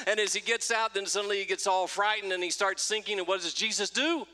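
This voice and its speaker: Male pastor with a high, bright voice; animated, jokey delivery. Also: fast talker, hardly any pauses, slight background noise. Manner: animated and jokey, laughs at himself. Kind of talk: playful church talk to a congregation. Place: church service.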